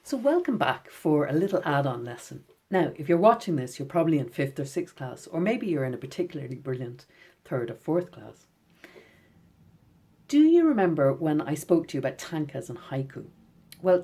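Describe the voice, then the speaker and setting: Low-voiced woman teaching children. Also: husky. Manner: gentle, encouraging, reads poems slowly. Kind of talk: recorded lesson for schoolchildren.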